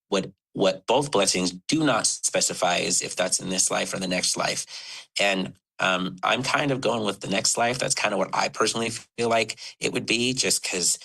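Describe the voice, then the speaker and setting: A podcast guest in his young adult years tells a personal story. His voice is low and gravelly, with a bright, forward edge. He speaks haltingly and earnestly, often restarting his thoughts. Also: low-quality recording.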